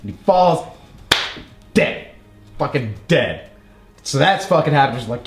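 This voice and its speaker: A man's voice: mid-range voice, lively intonation, a little slow, pauses often. Rambling, profane man in an echoey room. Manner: rambling, profane, heavy on filler "like", acts out characters in silly voices. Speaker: podcast co-host retelling a movie plot. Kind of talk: casual comedic chat.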